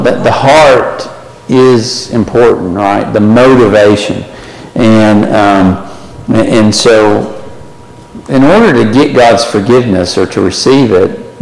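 A man's voice: mid-range voice, darkish tone. A man teaching a Bible study lesson, conversational and questioning, often checking in with the class. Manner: conversational, asks the class questions, frequent "right?". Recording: echoey hall from far off.

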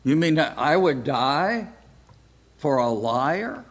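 An older American man teaching a Bible study class, speaking slowly and deliberately with frequent pauses. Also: on the high side, very animated, slightly rough. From United States. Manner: slow, deliberate, pausing often.

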